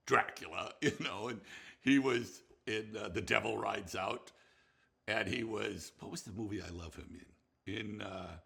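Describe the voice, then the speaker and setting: Gravelly older man telling lively stories. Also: fairly low pitch. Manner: animated, laughing, halting with restarts. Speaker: film director recalling a colleague. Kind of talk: anecdotal storytelling.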